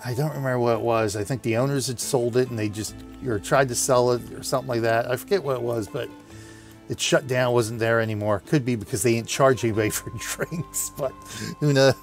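A man's voice: medium pitch, steady tone, a little fast, soft background music. A man in his forties telling a long, laughing anecdote while playing a game, chatty and full of restarts. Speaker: gaming video host. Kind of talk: rambling anecdote over gameplay.

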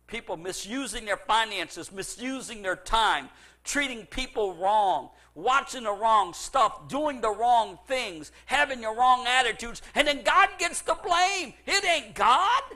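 Middle-aged guy preaching, high bright voice jumping all over the place, hammering lines again and again. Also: expressive, unhurried. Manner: emphatic preaching with sweeping pitch swings, repetition. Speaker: pastor. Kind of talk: evangelical sermon.

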